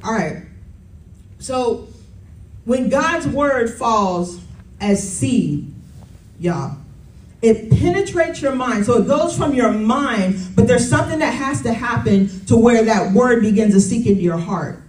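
Preaching in church, a thirtysomething woman keeps things conversational and regularly calls to the congregation with "y'all" and "Amen." Her fairly high voice is expressive, slow, and darkish in tone, recorded from a distance in a roomy space.

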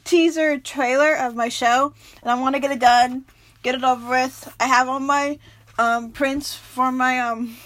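A young woman talking casually in a vlog, rambling and self-mocking, fast from too much coffee. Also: sits high, fairly bright tone. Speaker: vlogger.

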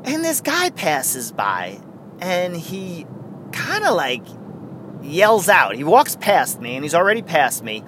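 A man's voice: a little high, wildly swooping pitch, slow pace, noisy background. A man hosting a podcast, talking casually in a rambling way that often breaks off and restarts. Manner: rambling, self-interrupting, chuckling. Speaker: podcast host. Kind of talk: casual solo chat.

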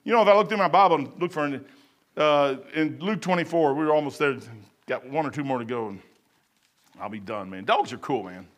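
A man preaching a casual sermon, rambling and folksy as he tells stories and reads scripture slowly. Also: a little high, lively intonation. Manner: reads scripture slowly, then trails off quietly.

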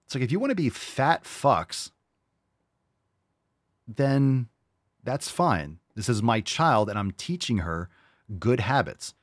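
A man's voice: medium pitch, big pitch swings, slow, long pauses, no echo, studio quality. A young adult man hosting a podcast, answering listener questions in a blunt, heated, profane rant and mocking other people in a raised voice. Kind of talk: casual rant.

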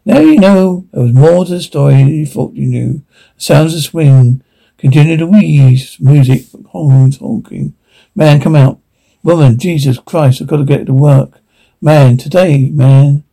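Brief: male reader, husky and dark-toned, voices all roles and reads the cues aloud. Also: fairly high pitch, rough recording. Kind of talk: reading out film scenes, all parts.

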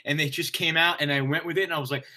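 Male actor, bright and forceful tone, profane energetic storyteller in casual chat. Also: fairly high pitch, rapid-fire. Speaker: stage actor, guest.

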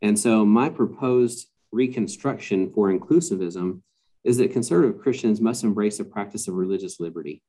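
Low mellow-voiced man, hesitant. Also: moderate pace. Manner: hesitant, many fillers and restarts. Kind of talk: casual podcast conversation.

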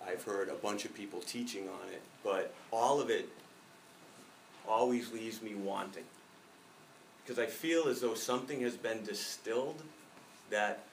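A man's voice: on the low side, echoey room, recorded from a distance, slight background noise, low-quality recording. A middle-aged male pastor giving a reflective sermon, telling a personal story.

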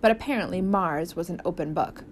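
A woman narrating a children's novel as an audiobook in a lively, expressive reading. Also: on the low side, fairly quick, a little hiss or hum. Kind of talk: scripted narration.

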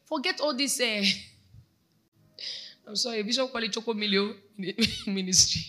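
A woman's voice: fairly high pitch, lively intonation, moderate pace, pushed and bright. A Nigerian woman pastor preaching a sermon, exhorting her congregation and asking them questions. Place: church.

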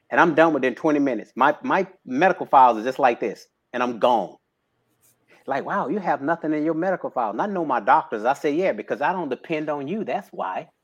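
Animated fifty-something man telling stories. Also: medium pitch, highs cut off. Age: 50s. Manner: animated storyteller, emotional about faith. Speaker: podcast guest, bodybuilder and trainer. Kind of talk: casual conversation.

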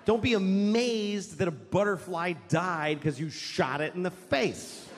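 A man's voice: high voice, unhurried. A man doing stand-up comedy on a large stage, ranting in a profane, exasperated way. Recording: long hall reverb, faint noise.

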